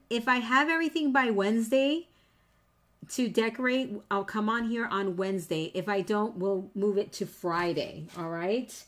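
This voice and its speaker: A woman's voice: medium pitch, a bit bright. Chatty woman teaching a craft class. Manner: chatty and encouraging, teasing the viewers. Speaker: scrapbooking instructor. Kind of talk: live online craft class.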